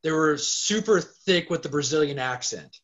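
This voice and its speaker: A man's voice: a little high, expressive, moderate pace, a bit bright. A man co-hosting a casual wrestling podcast, recalling things loosely with stops and restarts. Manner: hesitant, loose, trailing recollections. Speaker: podcast co-host. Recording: lo-fi podcast audio.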